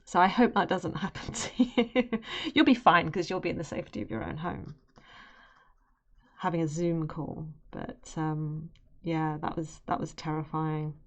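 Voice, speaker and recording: Streamer: young woman, lowish voice, chatty, animated storyteller who laughs easily. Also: moderate pace. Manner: animated, laughs while telling. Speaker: art streamer. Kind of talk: casual storytelling on a live stream.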